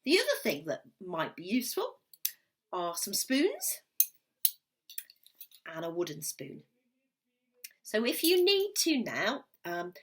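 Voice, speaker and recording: A woman teaching a recorded music lesson to young children, patient and encouraging, sometimes dropping to a whisper. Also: mid-range voice. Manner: slow, patient and encouraging, drops to a whisper at times. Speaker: primary school music teacher.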